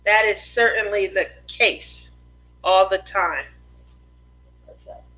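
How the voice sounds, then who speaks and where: A woman hosts a relaxed craft livestream from home, talking slowly and easily as she reads out viewer comments. Her voice sits a little high and sounds bright and forward. She laughs often between remarks. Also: husky, rough recording. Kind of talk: casual livestream chat reading comments. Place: home in the desert.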